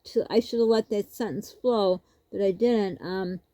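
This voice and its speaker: A woman's voice: medium pitch, steady tone, measured pace, mellow, no room sound. A woman vlogger telling a rambling, casual story, laughing often as she goes.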